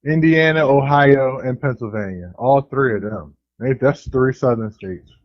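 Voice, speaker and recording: A man co-hosting a casual podcast, introducing segments in a measured way. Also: medium pitch, no room sound. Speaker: co-host. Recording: dry dull lo-fi recording.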